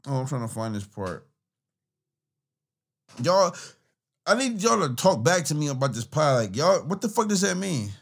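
Podcast host, a man with a fairly high, very lively voice, casual slangy reaction talk, faint music underneath. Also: normal speed, vocal fry, pauses often, slightly rough. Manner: profane, laughing, rambling slang.

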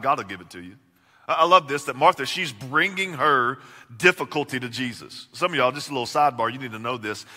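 A man preaching a sermon, swinging from loud, emphatic lines to hushed, intimate questions. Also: medium pitch, animated, brisk. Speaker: pastor. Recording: long reverb of a large hall.

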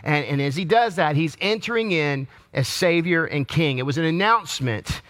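A man's voice: fairly high pitch, normal speed, fairly bright tone. A male pastor giving an online Palm Sunday sermon in a conversational, joking way with frequent restarts. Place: empty church or studio.

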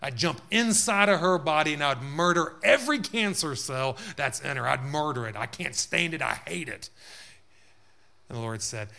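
Gravelly pastor guy preaching, bright edge, lots of amens. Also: fairly high pitch, lively intonation, moderate pace. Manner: preaching with rising intensity, repeated amens. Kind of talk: sermon.

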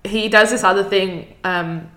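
A woman from Australia co-hosting a casual chat podcast, an animated storyteller who laughs often. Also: mid-range voice, unhurried, reverberant. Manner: animated storyteller, acts out funny voices with laughs. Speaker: podcast co-host.

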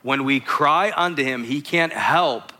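A man's voice: mid-range voice, measured pace, sharp tone. A man preaching a sermon, reading scripture verses aloud and stopping to explain them to his listeners.

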